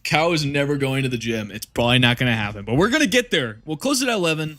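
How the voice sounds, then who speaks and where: Brief: young male streamer, excitable, swears, rambles, casual desk-mic chat. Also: medium pitch, fast talker, hardly any pauses, a little hiss or hum.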